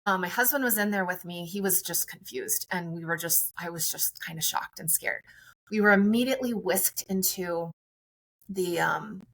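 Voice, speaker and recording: A woman's voice: on the low side, normal speed, fairly bright tone, rough recording. A woman guest on a podcast, a friendly and chatty mother telling her own story in conversation.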